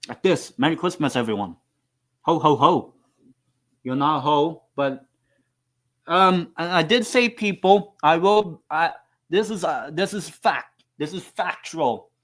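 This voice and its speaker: A man's voice: on the high side, lively intonation, unhurried. A man hosting a live football watchalong stream, chatting casually in a rambling, profane, self-mocking way.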